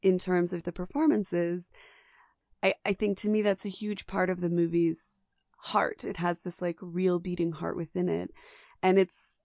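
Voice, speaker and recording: Gravelly low-voiced woman chatting about films. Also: flat delivery, a little slow, darkish tone, no echo, studio quality. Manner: chatty, enthusiastic, frequent restarts. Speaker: podcast co-host. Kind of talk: casual film discussion.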